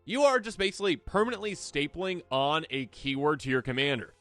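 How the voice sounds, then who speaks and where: A man hosting a casual deck review, jokey and animated, who talks straight to imagined opponents. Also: fairly high pitch, a little fast. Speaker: host.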